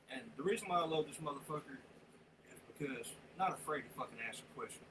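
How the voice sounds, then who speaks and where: A man's voice: medium pitch, lively intonation, quick pace. A man livestreaming, rambling and swearing in casual chat. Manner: rambling, profane, drawling Southern-style talk. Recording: noisy room sound.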